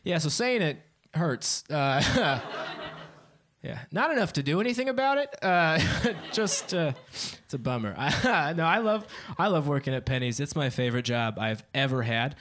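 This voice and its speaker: A man's voice: medium pitch, lively intonation, measured pace, a bit bright, slight background noise. A man in his twenties doing a stand-up set on a club stage, often laughing at his own jokes. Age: 20s. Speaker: stand-up comedian.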